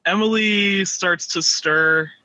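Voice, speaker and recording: A man's voice: high-pitched, takes it slowly, pushed and bright. A man playing a tabletop game, giggly and playful. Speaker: player. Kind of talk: casual chat.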